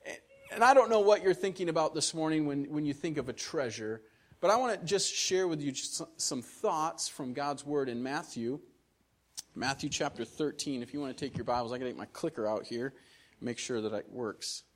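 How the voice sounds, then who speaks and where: A Midwestern man gives a sermon as a visiting missionary, his voice sitting a little high for a man. He talks in a folksy, conversational, self-deprecating way, as if chatting with friends from the pulpit of a church. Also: expressive, normal speed. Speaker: missionary preacher. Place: church sanctuary.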